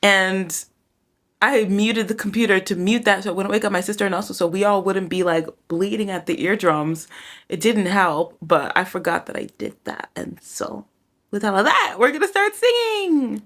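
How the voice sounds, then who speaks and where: A woman's voice: mid-range voice, moderate pace, a bit bright. A woman talking casually to her vlog audience from home while she records her own song. She rambles, says "y'all" and "like" a lot, and sounds slightly out of breath at times. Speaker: songwriter and home producer. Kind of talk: casual vlog talk to camera.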